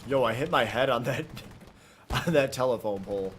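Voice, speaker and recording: A man's voice: mid-range voice, moderate pace, fairly bright tone, slight background noise. Chatty man rambling over live gameplay. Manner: rambling, chatty, talks to chat while playing. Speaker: gaming streamer. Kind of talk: casual live gameplay commentary.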